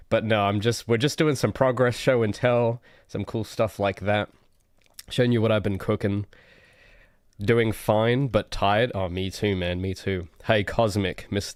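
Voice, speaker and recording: Male streamer, lowish voice, dry close sound, rambling self-mocking banter. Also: dry recording. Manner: joking, rambling, self-deprecating. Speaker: indie game developer streaming. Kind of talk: casual livestream chat.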